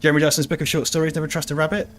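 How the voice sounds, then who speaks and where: A man's voice: on the high side, little pitch movement, very fast, a crowd in the background. A man in his thirties hosting a let's play, chatting casually and rambling, swearing and laughing as he plays. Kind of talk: casual gameplay chat.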